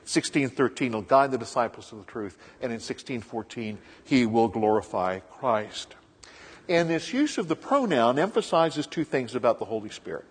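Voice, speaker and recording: A man's voice: mid-range voice, expressive, normal speed, slightly rough. A male pastor reads scripture and then teaches a sermon in a conversational way, with frequent ums and uhs. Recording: long echoing reverb of a large hall.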